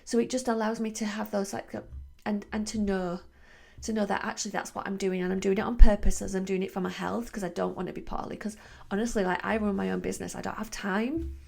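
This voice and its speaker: A woman's voice: mid-range voice, fairly even intonation, fast talker, vocal fry, a little mellow. A woman, hosting a wellbeing podcast in a chatty, reflective way full of fillers and restarts. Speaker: podcast host, wellbeing coach. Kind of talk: casual reflective monologue.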